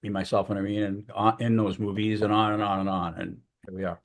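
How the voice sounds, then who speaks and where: Fast-talking comedian. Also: male voice, lowish voice, little pitch movement. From Boston. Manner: rambling anecdotes with many fillers. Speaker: comedian guest. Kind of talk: casual storytelling chat.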